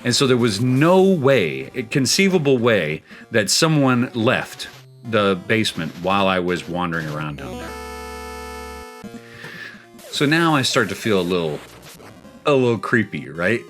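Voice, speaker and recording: A man's voice: fairly low pitch, big pitch swings, measured pace, a bit bright, faint music behind. A man hosting a gaming show, telling a spooky story in a rambling, chuckling way with plenty of restarts. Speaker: show host.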